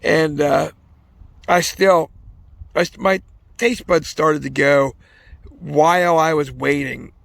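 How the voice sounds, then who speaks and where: Guy vlogging while fishing, rambly and swears a lot, super gravelly, dry close sound. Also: on the high side, steady tone, slow, pauses often, fairly bright tone, no room sound. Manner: rambling, profane, self-correcting. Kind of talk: casual storytelling. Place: outdoors by a pond, fishing.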